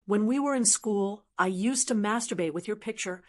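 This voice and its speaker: A woman's voice: medium pitch, normal speed, natural voice. A woman voicing a crude, arrogant rich young man who boasts and leers, read out in an audiobook. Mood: leering. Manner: boastful and lewd.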